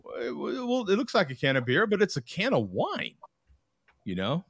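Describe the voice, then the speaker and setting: A man from the United States hosting a casual video-call chat, talkative, laughing often and reading aloud in a halting way. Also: high voice, wildly swooping pitch, vocal fry, fairly bright tone, no room sound. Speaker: host.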